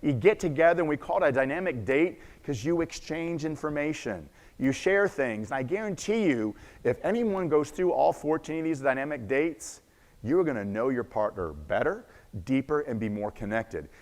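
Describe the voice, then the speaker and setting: A man giving a conference talk, telling a dramatic story and shifting between loud bursts and hushed asides. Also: fairly high pitch, expressive, normal speed. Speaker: conference speaker. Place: conference stage. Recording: echoey conference hall.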